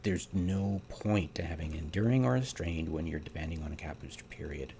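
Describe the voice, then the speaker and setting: A man's voice: low-pitched, creaky, darkish tone, slight background noise. A man giving casual, exasperated commentary as he builds a game setup, full of rhetorical questions and ums. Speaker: game theorycrafter. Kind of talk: casual ranting commentary over gameplay.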